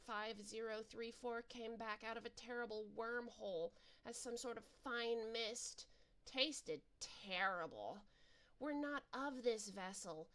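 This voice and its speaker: A woman's voice: on the high side, a bit bright. A woman reading as a grim, doomed explorer. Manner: grim, dry journal-reading delivery. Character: weary doomed explorer, trapped and dying.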